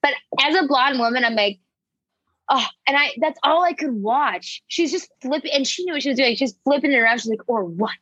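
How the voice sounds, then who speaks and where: A woman's voice: high-pitched, fairly quick, fairly bright tone, no echo, dull audio. A woman in casual chat, brash and profane, slipping into dramatic impressions.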